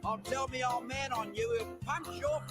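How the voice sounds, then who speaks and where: A woman's voice: high-pitched, moderate pace, over loud music, lightly acted. A woman voicing a foul-mouthed, angry little girl in a crude comedy song, brash and sing-song. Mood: furious ranting.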